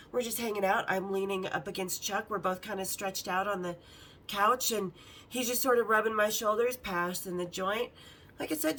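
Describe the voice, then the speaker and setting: A woman hosting a podcast, telling candid, bawdy stories in a lively, casual way and acting out the other people in them. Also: on the high side, slight background noise, low-quality recording. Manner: lively, acts out the others' lines in her story. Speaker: podcast host. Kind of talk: casual storytelling.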